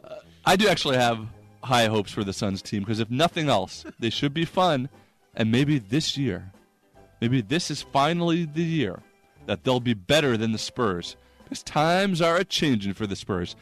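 A man hosting a comedy sports segment, delivering rapid jokes and laughing at his own punchlines. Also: medium pitch, animated, soft background music.

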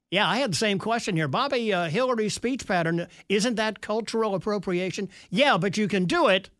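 Talk radio host, male, fairly high voice, dry close sound, sardonic delivery while reading texts. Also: fairly bright tone, no room sound. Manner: wry, sarcastic asides.

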